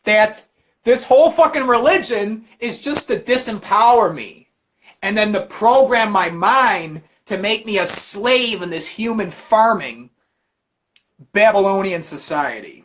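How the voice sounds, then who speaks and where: A man hosting a livestream, ranting about religion with constant cursing and animated storytelling. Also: sits high, measured pace, a little hiss or hum. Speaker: livestream host. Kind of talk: profane religious rant.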